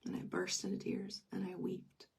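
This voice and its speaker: A woman's voice: normal speed, darkish tone, distant mic. A middle-aged woman telling a personal story in an unscripted live stream, intimate and emotional, often dropping to a whisper. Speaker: grief teacher.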